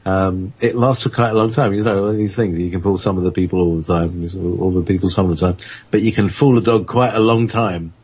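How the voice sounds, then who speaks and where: A man hosting an internet radio show, chatting in a halting, rambling way with lots of fillers and frequent laughter. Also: low-pitched, steady tone, darkish tone, husky. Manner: halting, many fillers and restarts, laughs often. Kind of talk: rambling casual chat on air.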